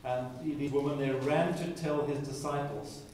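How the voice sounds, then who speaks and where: A man's voice: medium pitch, fairly even intonation, moderate pace, darkish tone. Echoey distant male Bible teacher. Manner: conversational, playful asides and mock voices. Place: chapel classroom. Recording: echoey room from a distant mic.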